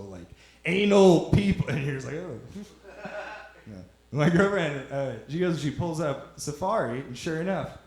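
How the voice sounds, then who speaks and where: A man's voice: medium pitch, darkish tone. A young man doing a rambling stand-up set, teasing the audience in a loose, drawling way on a club stage. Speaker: stand-up comedian. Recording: echoey club room.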